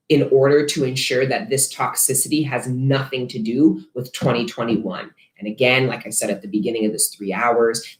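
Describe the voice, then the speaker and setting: A woman giving a collective tarot reading, talking bluntly and profanely with rambling asides. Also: a bass voice. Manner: rambling, self-interrupting asides. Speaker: tarot reader. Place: her studio. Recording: echoey room.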